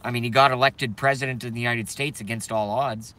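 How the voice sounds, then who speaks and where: A man's voice: medium pitch, fairly even intonation, brisk, pushed and bright. A man ranting to viewers on a live stream from his parked car, swearing and agitated.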